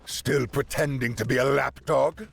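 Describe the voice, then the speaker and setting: A man's voice: mid-range voice, fairly even intonation, measured pace, creaky, husky, pitched above the performer's own voice, heavily acted. A man voicing a sneering four-armed alien mercenary. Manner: sneering, mocking.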